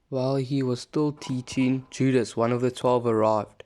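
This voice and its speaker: Man reading scripture aloud, smooth voice, flat level delivery, small restarts. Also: medium pitch, normal speed, hardly any pauses. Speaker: scripture reader.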